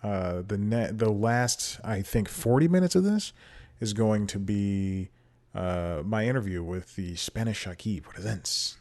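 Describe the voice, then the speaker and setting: A man with a lowish voice rambles through a casual solo podcast intro, cracking self-deprecating jokes and laughing at himself. He talks into a desk microphone at home. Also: unhurried, dark tone. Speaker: podcast host. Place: home room with TV playing.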